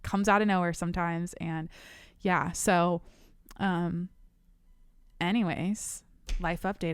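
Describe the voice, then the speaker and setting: Young woman rambling on her podcast, smooth clear voice, dry close mic, swears a lot. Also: on the low side, fairly even intonation, measured pace, pauses often, dry recording. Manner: candid, rambling, swears freely. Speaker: podcast host. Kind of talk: casual solo podcast chat. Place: home studio. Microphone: studio mic, on camera.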